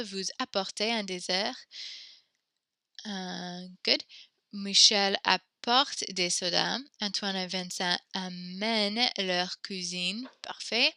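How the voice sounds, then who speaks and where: A woman teaches French to a class over a computer mic, encouraging her students and spelling out verb forms one at a time. Her voice is very bright and sits in the middle of the range for a woman. The sound is dry and close, with keyboard clicks now and then. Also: medium pitch, smooth, no echo. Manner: encouraging, praises students often; walks through conjugations step by step.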